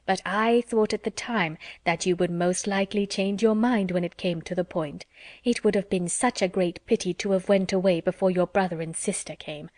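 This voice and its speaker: A woman's voice: on the low side, fairly even intonation, moderate pace, darkish tone, no room sound, studio quality, natural voice. A woman reading an audiobook, voicing a sly young woman who gushes with pointed hints. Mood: gushing.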